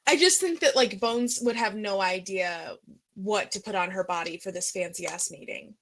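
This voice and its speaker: A woman joins a tabletop game and talks in a relaxed, joking way. She swears now and then. Her voice sits at a middle pitch. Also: moderate pace. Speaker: player.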